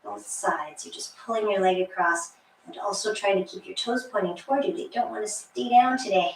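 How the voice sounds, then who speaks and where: A woman's voice: mid-range voice, moderate pace, far from the mic. A woman leading a workout as a fitness instructor, encouraging and counting down, slightly out of breath. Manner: encouraging, counts down, light laughs. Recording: echoey room, voice off-mic, faint hiss.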